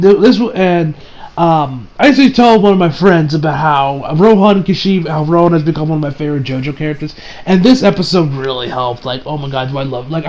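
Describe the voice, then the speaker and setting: High-voiced gushing male anime reviewer. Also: a little mellow. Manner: gushing, rambling with many fillers. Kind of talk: casual episode review.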